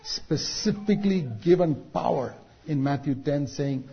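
Man, preacher, sermon, loud drawn-out emphasis, somewhat high pitch, muffled lo-fi sound. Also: lively intonation. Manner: rises to loud, drawn-out emphasis on quoted rebukes. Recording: dull lo-fi recording.

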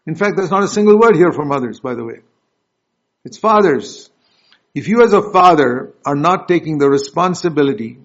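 A man preaching a sermon, emphatic and direct, questioning his congregation, with loud stresses and soft asides. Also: on the high side. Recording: dull lo-fi recording.

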